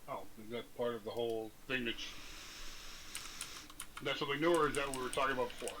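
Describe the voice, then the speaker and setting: A man's voice: mid-range voice, fast, bright, forceful tone, slight background noise, rough recording. A man in a tabletop game casually explaining his character's motives. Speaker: player.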